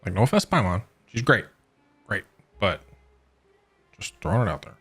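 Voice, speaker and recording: A man's voice: lowish voice, very animated, normal speed, a bit bright, slightly rough. A young man streaming a game playthrough, reading lines aloud and making sarcastic jokes. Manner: sarcastic, joking. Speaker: gaming streamer. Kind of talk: casual let's-play commentary. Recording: over game music.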